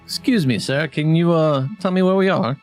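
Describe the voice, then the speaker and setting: A man's voice: fairly high pitch, normal speed, darkish tone, soft background music. A man playing a bard in a tabletop game, speaking in a polite, formal way. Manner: formal, polite in-character speech. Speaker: player. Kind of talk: in-character tabletop play.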